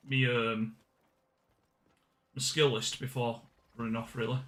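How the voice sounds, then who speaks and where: A man's voice: medium pitch, flat delivery, takes it slowly, long pauses, sharp tone, slight background noise. A man giving casual game walkthrough commentary, chatty and often correcting himself mid-sentence. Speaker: gaming channel host.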